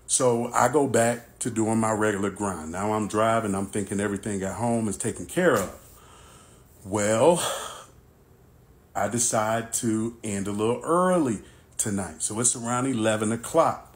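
A man narrating a personal story in storytime style, animated and acting out the dialogue. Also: lowish voice, moderate pace.

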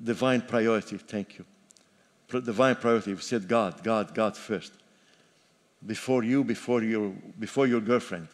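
A man's voice: fairly low pitch, moderate pace. A man in his sixties, a pastor preaching a sermon in an emphatic, repetitive style with joking asides. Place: church sanctuary. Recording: long reverb of a church hall.

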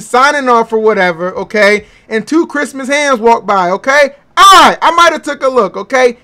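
A man with a high, bright voice defending himself on a casual gaming podcast. His pitch leaps around as he insists, punctuating each point with "okay". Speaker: podcast co-host, commentator. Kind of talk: casual chat.

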